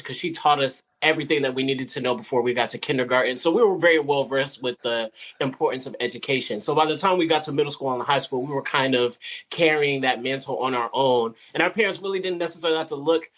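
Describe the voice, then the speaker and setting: A young man from the Washington DC area, a singer and podcast guest, telling his story in friendly, relaxed chat and laughing easily. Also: mid-range voice, fast. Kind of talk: casual interview chat.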